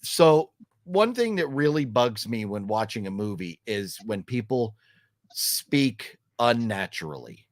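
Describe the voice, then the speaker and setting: Reviewing a horror movie trailer on his casual vlog, a middle-aged man speaks in a fairly low, very animated voice at a slightly slow pace. He rambles through his views with frequent ums and false starts, performing quoted lines as he narrates. The recording is studio quality, free of room sound.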